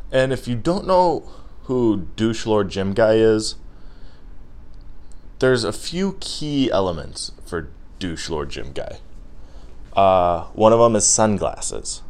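A young man hosting a podcast, talking in a rambling, profane, joking monologue. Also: low voice. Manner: rambling, profane, jokey rants. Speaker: podcast host. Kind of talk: casual comedic monologue.

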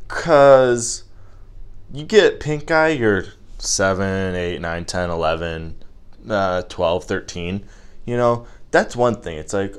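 Guy ranting on his podcast, lowish voice, animated and jokey, home mic. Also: slow, clean tone. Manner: animated, joking, acts out quoted voices. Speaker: solo podcast host. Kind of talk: casual comedic rant. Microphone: home microphone wrapped in cotton.

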